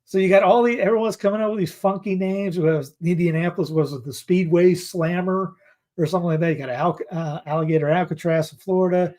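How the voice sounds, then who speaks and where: A man's voice: sits high, fairly even intonation, fairly quick, a little mellow. A man hosting a casual news commentary, reading headlines aloud and adding sarcastic, rambling asides. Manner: rambling, with many restarts and fillers.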